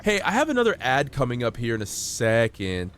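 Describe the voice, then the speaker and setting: A man streaming a game while sick with a cold, chatting in a playful, excitable way and coughing now and then. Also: mid-range voice, brisk, a little hiss or hum. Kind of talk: casual live-stream gameplay chat.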